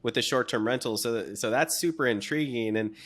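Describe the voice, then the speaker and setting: A man hosts a podcast interview in an easygoing, informal way. His voice sits at a middle pitch, and he stumbles loosely over repeated words before landing on his questions. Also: a little fast, a bit bright. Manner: loose, repeats words while searching for phrasing. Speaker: podcast host. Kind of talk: casual interview hosting.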